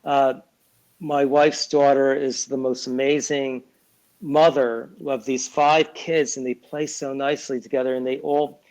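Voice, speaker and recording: A man's voice: mid-range voice, little pitch movement, a little slow, darkish tone, low-quality recording. A man guest on an interview podcast, talking casually with many fillers and restarts. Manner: acts out quotes in other voices. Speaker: guest, lawyer and children's author.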